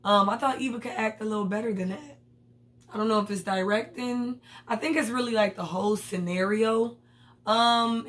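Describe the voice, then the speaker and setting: A woman's voice: medium pitch, a bit bright. A woman reviewing a TV episode in a casual vlog, candid and slangy with blunt opinions. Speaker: TV show reviewer.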